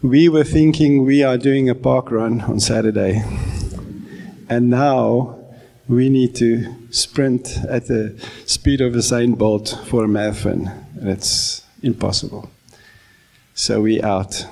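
A man's voice: medium pitch, fairly even intonation, takes it slowly, vocal fry, darkish tone. A man in his forties from South Africa with an Afrikaans accent, preaching a sermon in a conversational, self-deprecating way with false starts. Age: 40s. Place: church.

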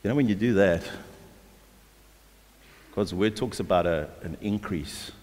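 A man's voice: low voice, measured pace, darkish tone. A male pastor from South Africa preaching a sermon, emphatic and exhorting, often restarting his words. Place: church hall. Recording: long hall reverb.

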